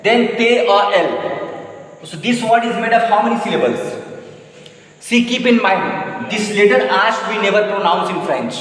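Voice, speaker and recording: A man's voice: high voice, lively intonation, normal speed, fairly bright tone. A male French teacher quizzing students in class, patient and repeating his points. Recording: echoey room with long reverb.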